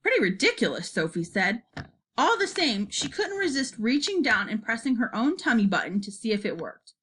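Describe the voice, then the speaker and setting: A woman reading a children's book aloud with lively, expressive storytelling. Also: a little high, moderate pace, breathy edge. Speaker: reader.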